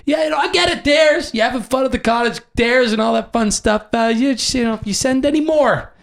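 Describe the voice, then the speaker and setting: A man voicing an annoyed young boyfriend who sounds falsely friendly and menacing, in a high, mocking, singsong tone. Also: brisk, vocal fry, a bit bright, heavily acted. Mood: mock-friendly threat.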